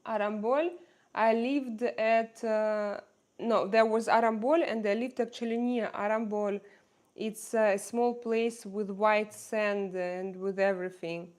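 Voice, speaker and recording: A middle-aged woman from Russia with a Russian accent, chatting casually to viewers in a halting way with many fillers and restarts. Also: mid-range voice, level tone, darkish tone. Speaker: channel host answering viewer questions. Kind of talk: casual livestream chat.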